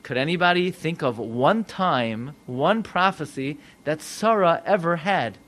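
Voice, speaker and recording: Bright-voiced man preaching a sermon. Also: fairly high pitch, a little slow. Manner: animated, rhetorical questions to the audience. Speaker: rabbi.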